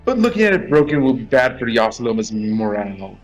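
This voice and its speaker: A man reading aloud as a callous, war-obsessed male god, flat and dismissive. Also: mid-range voice, brisk, highs cut off, soft background music. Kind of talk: reading game dialogue aloud.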